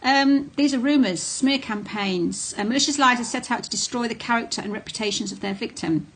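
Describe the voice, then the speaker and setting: A woman's voice: fairly high pitch, a little fast, breathy edge. A middle-aged woman talking casually to camera, blunt and candid, with frequent ums and restarts. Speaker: vlogger on narcissistic abuse.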